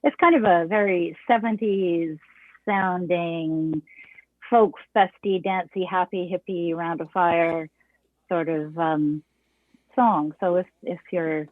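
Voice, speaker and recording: An older woman with a fairly low voice talks in a relaxed, rambling way, often restarting her sentences. She comes through a thin phone-like line. The sound is dry, with no room around it. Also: slow pace, no echo. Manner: rambling, many restarts and laughs, reflective. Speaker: guest songwriter and author. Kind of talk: casual interview chat.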